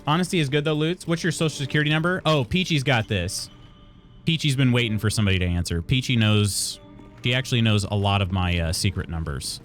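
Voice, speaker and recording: A man's voice: medium pitch, quick pace, soft background music. A man from Illinois casually chatting while streaming a video game, reading chat aloud and laughing often.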